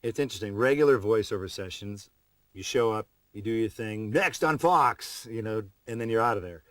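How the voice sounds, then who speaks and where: Middle-aged man, low voice, dry deadpan interview humor, dead-dry close sound. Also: a little fast, no room sound. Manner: joking, deadpan asides. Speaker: actor in an interview. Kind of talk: wry interview clip.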